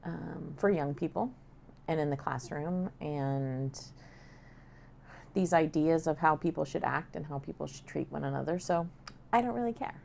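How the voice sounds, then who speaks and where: A woman's voice: low voice, moderate pace, vocal fry, a little mellow, a little hiss or hum. A woman co-hosting a casual talk show, talkative and joking, with frequent fillers. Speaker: podcast co-host. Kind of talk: casual chat.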